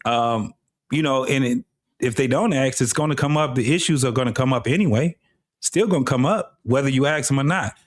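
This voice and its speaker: A man's voice: medium pitch, fairly quick, dry recording, studio quality. A middle-aged man hosting a live talk show, speaking bluntly and casually with frequent profanity. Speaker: host.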